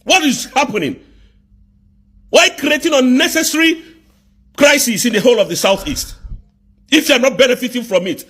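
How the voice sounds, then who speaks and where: Angry high-voiced Nigerian man ranting. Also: animated, breathy edge. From southeast Nigeria. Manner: angry, accusatory, rapid rhetorical questions, bursts of shouting. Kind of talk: angry live political rant.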